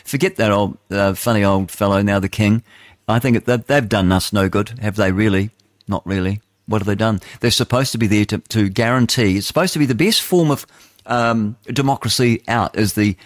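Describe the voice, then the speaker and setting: A middle-aged man with a New Zealand accent hosts an opinionated talk radio show, rambling conversationally and drifting into frequent asides. His fairly low voice comes through a dry recording with clean studio sound.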